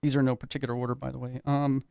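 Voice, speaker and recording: A man's voice: mid-range voice, flat delivery, racing, gravelly, warm tone, clear, resonant tone, no room sound. A man co-hosting a radio talk show, chatting casually and rambling with frequent ums and laughs. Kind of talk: casual comedy chat.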